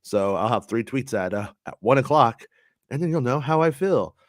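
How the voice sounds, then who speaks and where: A man's voice: medium pitch, lively intonation, normal speed, no room sound. Dry, close, chatty podcast host man. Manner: loose and chatty, with fillers and restarts. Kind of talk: casual podcast chat.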